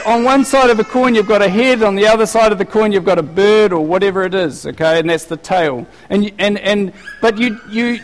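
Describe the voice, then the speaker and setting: A middle-aged man preaching a sermon in a conversational way, asking the listeners many rhetorical questions. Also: sits high. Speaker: pastor. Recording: long hall reverb.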